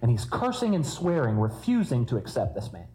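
Male preacher, warm mellow tone, chatty sermon with jokey asides. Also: mid-range voice, wildly swooping pitch, a little fast, poor audio. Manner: conversational preaching with humorous asides.

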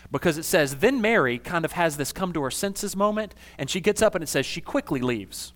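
A man preaching a conversational sermon as a pastor, casual and animated, with slangy asides. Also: medium pitch, a little fast, hardly any pauses.

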